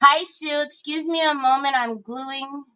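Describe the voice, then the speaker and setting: Hoarse and squeaky from a cold, a middle-aged Northern Californian woman keeps clearing her throat as she runs a craft livestream at her home desk. She talks slowly with fairly even intonation in a pushed, bright voice, welcoming viewers by name, and the audio's highs are cut off.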